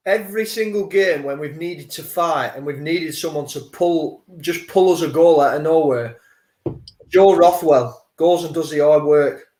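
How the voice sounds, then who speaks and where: A man co-hosting a live football watchalong, chatting casually and breaking into excited exclamations. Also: a little high, unhurried. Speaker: co-host of a fan watchalong stream. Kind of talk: casual match chat. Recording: roomy echo.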